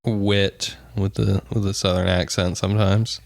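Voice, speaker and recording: A man's voice: sits low, little pitch movement, unhurried, gravelly. A man co-hosting a podcast in casual chat, hesitant and searching for words. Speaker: podcast co-host.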